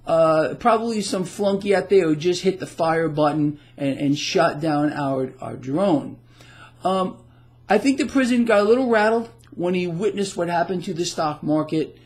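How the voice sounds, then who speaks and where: A man's voice: high-pitched, a little mellow. A man delivering heated solo market commentary, agitated and emphatic, often repeating himself as he rants.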